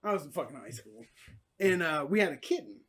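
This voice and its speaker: A man's voice: on the high side, big pitch swings, fairly quick, fairly bright tone. A man co-hosting a casual podcast chat, laid-back and teasing, laughing along with his co-host.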